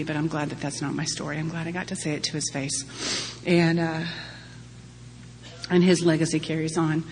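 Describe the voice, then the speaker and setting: Candid woman sharing her story in a hall. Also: low voice. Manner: candid, humorous storytelling with frequent laughter. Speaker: speaker sharing at a recovery-group meeting. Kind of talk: personal testimony to an audience. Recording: long hall reverb, faint hum.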